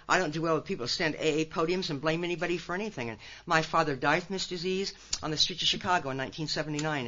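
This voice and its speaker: An older woman from Nebraska talks fast and folksy, speaking straight to a big crowd. Her voice is bright and forceful. The recording sounds dull and lo-fi. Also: low-pitched. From Nebraska, USA. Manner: folksy and animated, direct asides to listeners. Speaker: conference speaker. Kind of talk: recovery talk to a large audience.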